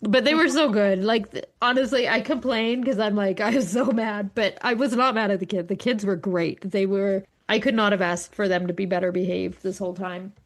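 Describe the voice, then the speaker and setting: A woman in her forties from Alberta, co-hosting a podcast in casual chat, telling animated stories full of swearing, acted-out quotes and laughter. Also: mid-range voice, a little fast, few pauses. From Alberta, Canada. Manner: animated storyteller, swears freely, acts out quotes, laughs often. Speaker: podcast co-host.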